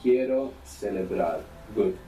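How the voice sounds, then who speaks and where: A man leads a recorded language lesson, patiently posing prompts and confirming each answer. His voice is mellow and dark. He sits back from the mic in a roomy, echoing space. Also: low voice, takes it slowly, faint music behind. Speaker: language teacher on a recorded audio course. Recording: echoey, distant from the mic.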